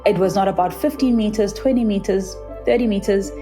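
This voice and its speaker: A South African woman in her thirties speaks with an earnest, vivid storytelling manner, a freediver recalling her time in the water. Her pitch sits in the middle range, and faint music runs softly underneath. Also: brisk. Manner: earnest and vivid, acts out quoted voices in a higher pitch. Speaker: freediver, guest. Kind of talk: reflective interview storytelling.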